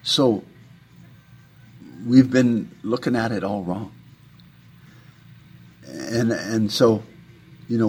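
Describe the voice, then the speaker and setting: Husky low-voiced man in a profane rant. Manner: profane, heated, rambling with restarts. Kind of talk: impassioned political rant.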